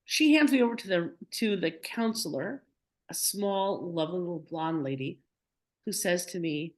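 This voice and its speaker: Middle-aged woman, slightly low voice, emotional first-person storyteller on a podcast, quotes dialogue, frequent restarts. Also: normal speed. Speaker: podcast guest.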